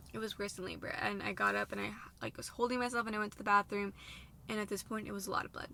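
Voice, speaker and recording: A young woman in her twenties telling a personal story in a long, run-on way, full of "like", her voice going soft at hard moments. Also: mid-range voice, gravelly, a little hiss or hum. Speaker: vlogger sharing a personal story.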